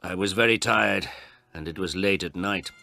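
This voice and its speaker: A man reading a graded story aloud for English learners, slowly and carefully. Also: sits low, gravelly, faint music behind. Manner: slow, careful and expressive. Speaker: story reader.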